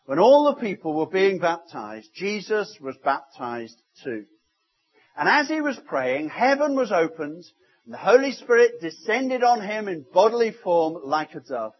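A high-pitched, husky male pastor preaches to his church, telling stories that rise loud and drop to a near hush. The recording is dull and lo-fi. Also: sing-song, unhurried. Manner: storytelling preacher, swinging from loud to hushed. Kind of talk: sermon. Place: church service.

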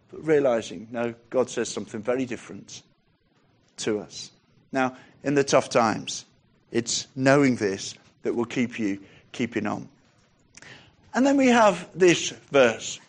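A man preaching a sermon in a conversational way, dropping softer for quoted lines and lifting his voice when reading scripture aloud. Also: a little high, animated, a little slow.

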